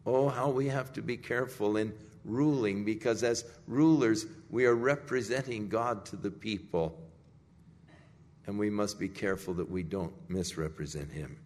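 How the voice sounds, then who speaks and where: A man preaching a sermon, telling the scripture story in a deliberate, emphatic way. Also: lowish voice, darkish tone. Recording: echoey hall.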